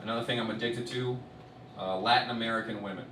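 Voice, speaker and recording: A young man from Miami doing a stand-up comedy set, swearing a lot and swinging from muttered asides to loud bursts. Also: medium pitch, fairly even intonation, quick pace. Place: large live comedy venue with audience. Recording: roomy, distant live stage recording with loud crowd noise.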